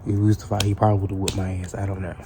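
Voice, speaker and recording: A man's voice: low voice, level tone, very fast, noisy background. A man telling a casual storytime tale in a profane, rambling way, full of restarts.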